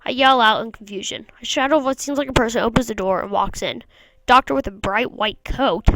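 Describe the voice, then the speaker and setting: A woman's voice: on the high side, fairly quick, a bit bright, no echo, poor audio. A woman reading a visual novel aloud, mostly plain narration with the odd wry aside. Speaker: gamer.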